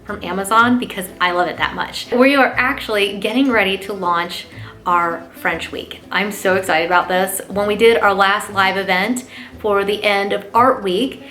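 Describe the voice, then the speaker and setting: A woman hosting a lifestyle gift-guide vlog, gushing with enthusiasm and chatting warmly to her viewers. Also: mid-range voice, fairly even intonation, moderate pace. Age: adult parent. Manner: gushing and enthusiastic, lots of "oh my gosh"; warm, talks straight to viewers as "you guys". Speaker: lifestyle channel host.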